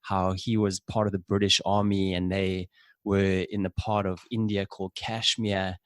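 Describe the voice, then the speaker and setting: Guest: young South African man, low voice, loose chatty storyteller, dry sound. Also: moderate pace, no room sound. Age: young adult. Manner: relaxed storytelling with fillers. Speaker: podcast guest. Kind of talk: casual interview chat.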